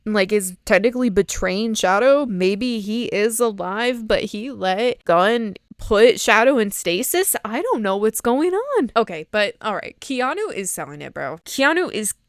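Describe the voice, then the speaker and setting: A woman excitedly gushing through a casual trailer reaction, rambling and piling on filler words. Her voice is smooth and clear, in a middle range. The sound is close and dry, with little room around it. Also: medium pitch, unhurried, few pauses, dry recording. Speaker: fan video creator.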